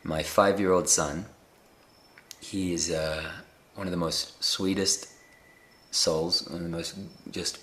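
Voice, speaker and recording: A man giving a gentle, unhurried spiritual talk on a live video call, often pausing with fillers and restarting his sentences. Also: low voice, steady tone. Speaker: spiritual teacher.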